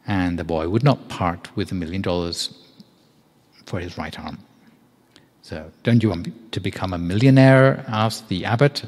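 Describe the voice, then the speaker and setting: A man, a monk, giving a Dhamma talk in a meditation hall, telling a story in a measured, gentle way with a few fillers. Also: low voice. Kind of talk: storytelling sermon.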